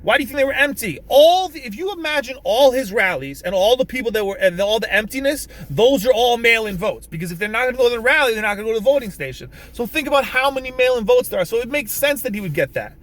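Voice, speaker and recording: A man vlogging from inside a vehicle delivers a casual political rant to camera, full of restarts, curses, and emphatic bursts. His voice is extremely high and expressive, fairly bright, and he talks fast with few pauses.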